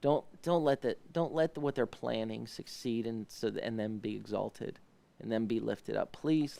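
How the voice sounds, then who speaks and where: A man, a pastor, leading a live devotional Bible study. He paraphrases verses in a soft, pleading voice and explains Hebrew words with many restarts. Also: medium pitch, normal speed, vocal fry.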